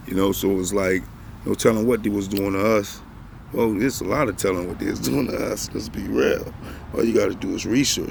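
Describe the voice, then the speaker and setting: A man's voice: lowish voice, gravelly, darkish tone. A man in a casual, loose opinion rant, repeating filler words like "man" as he talks outdoors. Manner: loose, repetitive, sprinkles "man" and "stop playing". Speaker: vlogger. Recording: noisy outdoor street recording.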